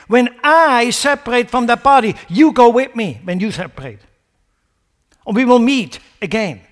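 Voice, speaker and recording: A man with a high-pitched, somewhat bright voice preaches a sermon full of rhetorical questions. He mocks wrong ideas with sarcastic paraphrases before stressing his point, building to emphatic peaks.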